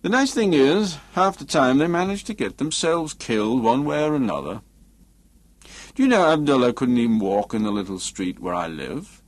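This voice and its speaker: A man's voice: medium pitch, lively intonation, normal speed, no room sound, voice pushed up. A man voicing a blunt, sardonic male painter with a cutting, dismissive way of talking, in an audiobook. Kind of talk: audiobook character reading.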